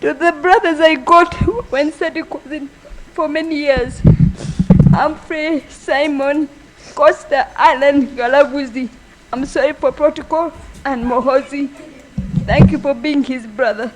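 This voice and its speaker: High-voiced woman giving a halting eulogy. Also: fairly even intonation, noisy background. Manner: halting, emotional, soft-spoken. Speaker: family member giving a eulogy. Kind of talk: funeral eulogy.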